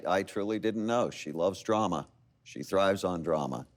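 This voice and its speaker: A man on a talk show as a guest about his marriage, halting, stammering and defensive. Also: sits low.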